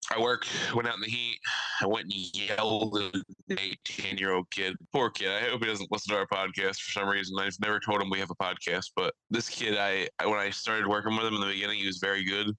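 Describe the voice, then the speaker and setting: A man's voice: lowish voice, little pitch movement, quick pace, bright, forceful tone, clean tone, no room sound, low-quality recording. A young man with a New York accent, a podcast co-host telling work stories in casual chat and laughing often. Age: young adult. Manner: storytelling, laughs often, quotes people in put-on voices.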